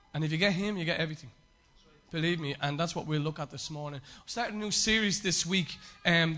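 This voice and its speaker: Bright, high-voiced pastor preaching. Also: male voice. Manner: emphatic repetition, frequent fillers. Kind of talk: sermon.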